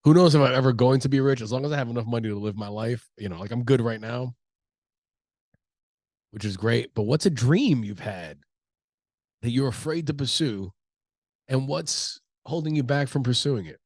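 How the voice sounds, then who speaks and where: With long pauses at a normal pace, a man in his thirties with allergy congestion hosts his comedy podcast solo, rambling and swearing freely. His voice is medium in pitch with a darkish tone, recorded dry.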